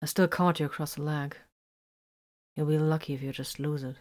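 Calm, quiet male soldier read by a woman, low-pitched, steady delivery for an audiobook. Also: moderate pace, lightly acted. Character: calm male warrior carrying his wounded brother.

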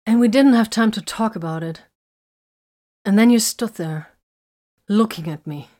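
A woman's voice: lowish voice, normal speed, a little mellow, close to an everyday voice. A woman reading a bitter, wounded woman warrior. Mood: hurt. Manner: hurt, confessional, emotional. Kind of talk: audiobook character reading.

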